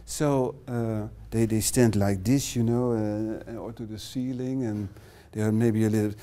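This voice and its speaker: A man's voice: on the low side, fairly even intonation, measured pace, warm tone. Dutch-accented man leading a workshop. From Netherlands. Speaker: workshop trainer. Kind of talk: live workshop presentation. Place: small classroom.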